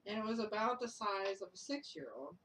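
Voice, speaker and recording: A young woman and paranormal investigator telling a ghost story in casual group chat, lively, laughing often and acting out what people said. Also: medium pitch, a little fast. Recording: distant mic with faint noise.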